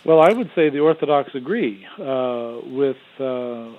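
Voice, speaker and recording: Guy explaining theology on call-in radio, steady and measured, mid pitch, sounds like a phone line. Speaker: Orthodox theologian guest.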